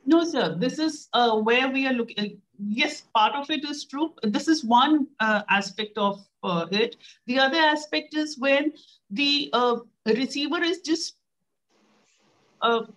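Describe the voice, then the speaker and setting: A woman's voice: high-pitched, measured pace, a bit bright, poor audio. A woman speaking thoughtfully and hesitantly in a casual conversation. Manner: thoughtful, hesitant with many uh fillers, addresses partner as sir. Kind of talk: casual conversation on self-growth.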